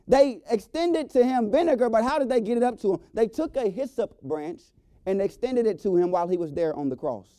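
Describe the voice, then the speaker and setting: High-voiced man preaching a sermon. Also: lively intonation, mellow, no echo, studio quality. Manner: preaching with emphatic rises and drawn-out phrases. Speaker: guest revival preacher. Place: church sanctuary.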